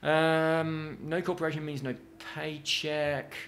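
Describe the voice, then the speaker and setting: A man's voice: fairly high pitch, flat delivery, slow pace, a bit bright, slight background noise. A man giving chatty, jokey let's-play commentary, with casual swearing and asides to his viewers. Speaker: gaming video host.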